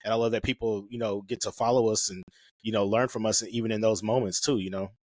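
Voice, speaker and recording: A man's voice: lowish voice, dry recording, studio quality. A man in his forties, a photographer hosting a podcast, chatting casually and jumping into playful impressions as he tells stories. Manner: quick, animated storytelling that breaks into playful impressions.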